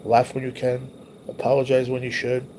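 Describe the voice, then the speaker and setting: A man's voice: medium pitch, completely flat delivery, moderate pace, a little mellow, a little hiss or hum. A man hosting a livestream, reminiscing casually over old photos in a loose, rambling, profane way. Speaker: livestream host.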